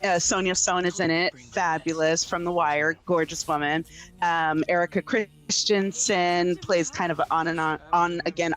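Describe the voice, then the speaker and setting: A woman film critic reviewing a series in casual chat, animated and laughing, with plenty of fillers. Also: on the low side.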